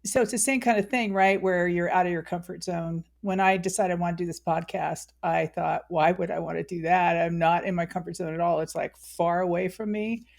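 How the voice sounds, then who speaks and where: Low gravelly-voiced woman host. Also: steady tone, a little fast, few pauses, a little mellow. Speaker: podcast host. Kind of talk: casual interview chat.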